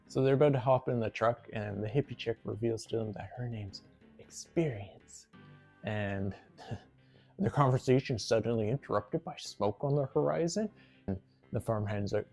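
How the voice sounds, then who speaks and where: Guy chatting through a movie plot, says like a lot, laughs a bunch, mellow voice. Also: medium pitch, moderate pace, soft background music. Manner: rambling, fills with "like", laughs often. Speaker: movie reviewer. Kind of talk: casual movie recap.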